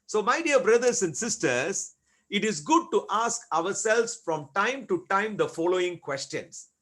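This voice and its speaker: A man preaching a sermon as pastor, asking rhetorical questions and repeating key words with slow, deliberate emphasis. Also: high-pitched, lively intonation, a bit bright.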